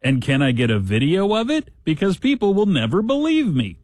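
A man voicing an excited male baseball fan who retells his story in amazement. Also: a little high, a little fast, no room sound, studio quality, voice pushed up. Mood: incredulous.

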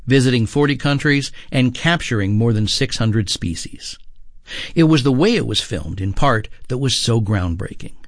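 A man, a TV critic, reading a scripted radio review in a measured way. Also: mid-range voice, no echo, clean studio sound.

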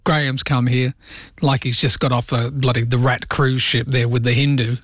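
Chatty Australian overnight radio host. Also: male voice, mid-range voice, level tone, moderate pace, dry recording, studio quality. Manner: chatty, joking, rambling. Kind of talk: casual radio chat. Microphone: studio microphone.

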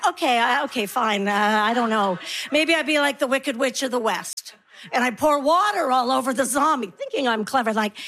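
A middle-aged woman doing stand-up, telling animated, exasperated stories about raising her kids and acting out both sides. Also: sits high, normal speed. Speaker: stand-up comedian. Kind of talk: stand-up comedy storytelling.

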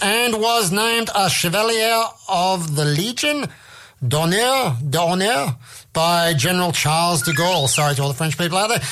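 A man's voice: high-pitched, a bit bright. A man hosting a music radio show, chatting casually and joking with imagined listeners. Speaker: radio host.

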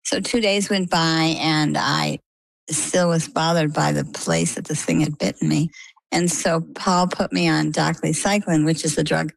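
A woman's voice: low voice, steady tone, measured pace, gravelly, no echo. An older woman from coastal Maine, guest in an interview, chatty and vivid as she retells events with quoted dialogue. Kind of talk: conversational storytelling.

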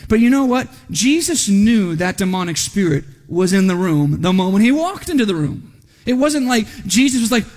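High-voiced man preaching in a reverberant church. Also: expressive, normal speed, a little mellow. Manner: conversational, often asking the crowd "right?"; rises animatedly when reading quoted speech aloud. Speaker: pastor. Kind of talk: expository sermon. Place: church sanctuary during a service. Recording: long hall reverb.

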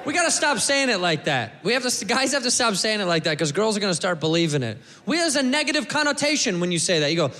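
A man's voice: very high voice, very animated, quick pace, hardly any pauses. A man doing a crude, playful stand-up set who acts out other people's voices. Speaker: stand-up comedian. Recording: hall reverb, faint noise.

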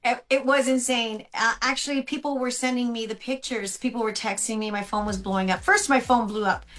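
Woman, tribute performer guest, halting earnest answers, remote call. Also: fairly high pitch, fairly even intonation, fairly bright tone. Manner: earnest, halting, many restarts and fillers. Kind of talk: casual interview answers.

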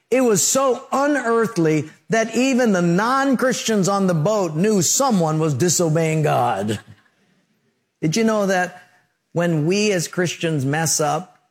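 A man pastor preaching a sermon, telling vivid stories and asking the congregation questions. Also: high-pitched. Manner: animated storytelling preacher, asks the audience questions.

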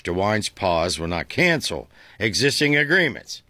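A man's voice: fairly low pitch, very animated, normal speed, pushed and bright, dry recording. A male talk show host reading the news aloud with sarcastic, mocking asides.

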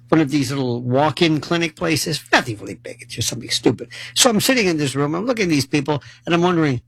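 Gravelly, animated sarcastic man ranting. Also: fairly high pitch, fast talker, few pauses, a little hiss or hum. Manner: mocking, exasperated, acts out voices of others. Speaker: commentator. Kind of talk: sarcastic monologue rant. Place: New York City.

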